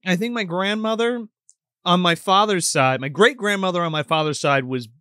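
A man's voice: high voice, moderate pace, no room sound, clean studio sound. A man co-hosting a movie podcast with playful, joking banter. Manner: playful, laughing, lively banter. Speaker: podcast co-host. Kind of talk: casual chat.

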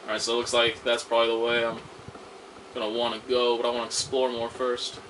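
A man commentating on his own gameplay, swearing loudly at the game and making sarcastic remarks. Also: mid-range voice, monotone, fast, background noise. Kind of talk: let's play commentary.

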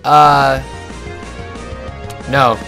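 A man's voice: medium pitch, level tone, extremely slow, sharp tone, soft background music. A young man hosting a let's play, chatting casually and reading game dialogue aloud in his own voice. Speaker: gaming channel host.

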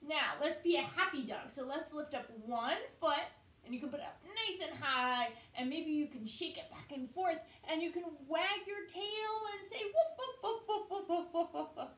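A woman's voice: sits high, expressive, normal speed, fairly bright tone. A young woman leading a children's yoga story time, cheerful and encouraging, singing short chants. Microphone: online video from a camera at a distance. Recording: echoey room, voice from far off.

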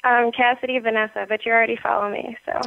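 Young woman caller, 18, giggly and unsure, tinny phone sound, highish voice. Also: flat delivery, fast, gravelly, no echo. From Sacramento, California. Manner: giggly, hesitant.

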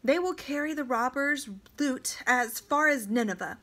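A woman's voice: high-pitched, normal speed, bright, forceful tone, voice pushed up. A woman reading aloud as a grave man who speaks solemnly and sorrowfully. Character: grave older man, pitying the captives.

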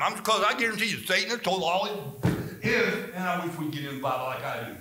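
A man teaching a Bible study, telling stories and acting out scripture in a rambling, animated way. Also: sits high, fast talker, reverberant.

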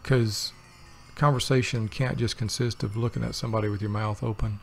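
A man hosting a let's play, his voice carrying a gravelly, fry-edged texture. He talks into a desk mic, meandering and wry, and drifts between game moves and side stories with lots of ums. A faint hiss sits under the voice. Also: on the low side, steady tone, fairly quick. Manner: meandering, wry, thinks aloud with many fillers. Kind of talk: rambling gameplay commentary.

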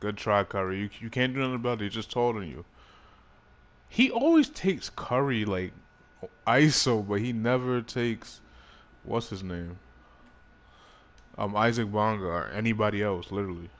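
Man, lowish voice, casual game commentary, excitable, swears, self-mocking. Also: moderate pace, long pauses. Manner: excitable, swears, laughs at himself. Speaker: gaming YouTuber.

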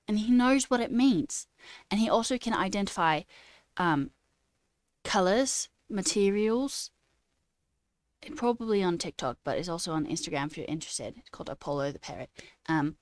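A livestreamer and new software engineer with a voice on the low side chats casually, recorded with no room sound. She laughs a lot while reading the chat aloud, playfully faking a British accent.

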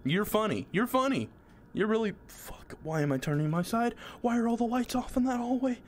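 A man's voice: very high voice, expressive, brisk, a little mellow, a little hiss or hum. A young man giving nervous, jumpy commentary while playing a horror game, swearing and pleading with what he sees. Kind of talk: nervous let's-play commentary.

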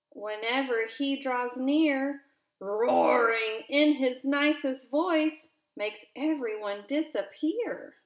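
A woman reads a counting picture book aloud, very slowly and with expression, stopping to ask a child gentle questions. Her voice sits a little high. A roomy echo hangs around it.

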